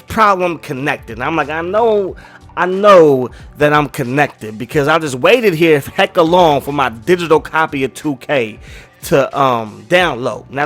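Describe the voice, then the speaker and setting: A man's voice: fairly high pitch, fairly bright tone. A man chatting casually while he plays a video game, rambling and slangy, often asking "you know what I mean". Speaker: gaming YouTuber.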